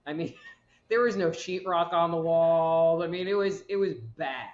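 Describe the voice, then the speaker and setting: A woman's voice: on the low side, a little slow, darkish tone, lo-fi sound. Woman telling stories in an echoey room. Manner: rambling, acts out quoted voices. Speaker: guest, medical intuitive. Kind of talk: casual storytelling chat.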